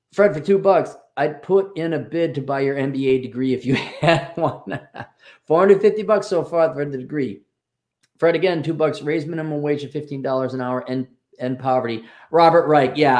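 A US livestream host reads out paid messages from chat and responds in a wry, offhand, lively way. His voice is a little high and he speaks at normal speed.

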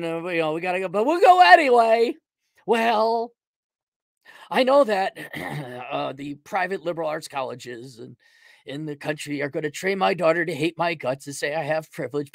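A middle-aged man with a slightly high-pitched voice rants sarcastically from his livestream desk. He rambles, restarts, and shifts into mocking tones. The sound is close and dry, with no room echo. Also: vocal fry. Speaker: livestream host. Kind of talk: casual opinionated commentary.

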